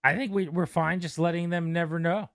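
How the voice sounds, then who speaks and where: A man's voice: on the high side, fairly even intonation, fairly quick, fairly bright tone, no room sound, clean studio sound. A man hosting a sports radio show, teasing his co-host, reading promos and taking calls. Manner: wry, teasing, reads promos and takes calls.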